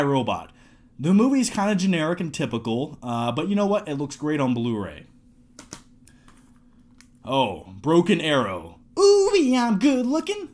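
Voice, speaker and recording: A man in his twenties talking casually to camera, reviewing his movie collection in a jokey, excitable way. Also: a little high. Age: 20s.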